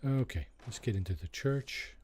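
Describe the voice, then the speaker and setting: A man's voice: mid-range voice, expressive, moderate pace, a little mellow, slight background noise. A man casually commentating his game while streaming and chatting to viewers. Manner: chatty, talks to chat viewers by name.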